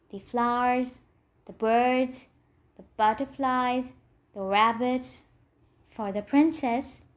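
A woman narrating a fairy tale in a measured storybook reading. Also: high-pitched.

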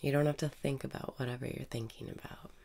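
A woman with a very deep voice leads a guided meditation, calm and unhurried. Her tone is heavy with vocal fry, and her delivery often sinks into a breathy half-whisper between the spoken prompts.

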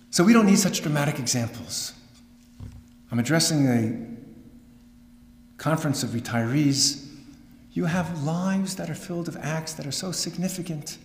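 A man's voice: on the high side, normal speed, pauses often. A middle-aged man, a rabbi, giving a dramatic storytelling lecture with wry asides. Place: synagogue hall. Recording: echoey hall with long reverb.

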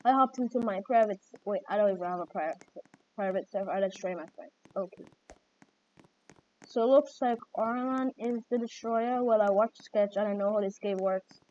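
A woman hosting gameplay commentary, excitable and reacting with repeated exclamations. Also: medium pitch, moderate pace. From Jamaica. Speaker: gaming channel host. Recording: dull lo-fi mic with faint noise.

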